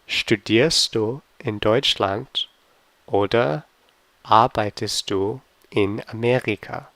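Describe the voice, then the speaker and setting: A young man teaching an online language lesson, drilling practice questions slowly and carefully with frequent ums. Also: fairly low pitch, gravelly, a bit bright, no room sound.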